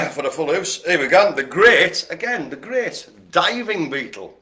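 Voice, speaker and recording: A man's voice: fairly high pitch, lively intonation, a little slow, sharp tone. A man hosting a live online bingo game, rambling and joking as he stumbles over hard names. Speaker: bingo host.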